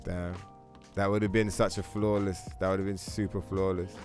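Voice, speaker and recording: A man's voice: low voice, flat delivery, moderate pace, a little mellow. A man hosting a game livestream, riffing in casual, profane, mocking commentary. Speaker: livestream host. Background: music.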